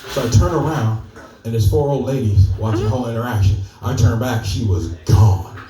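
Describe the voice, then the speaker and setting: A man telling a stand-up story at an open mic, conversational and animated. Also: medium pitch, fairly quick. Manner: conversational, animated character voices. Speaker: stand-up comedian. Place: comedy club open mic. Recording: echoey club room, mic at a distance.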